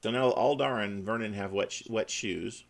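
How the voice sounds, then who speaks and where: Gravelly low Midwestern man as game master. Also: normal speed. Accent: Midwestern American. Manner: descriptive, with frequent restarts and fillers. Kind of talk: narrating an online tabletop game.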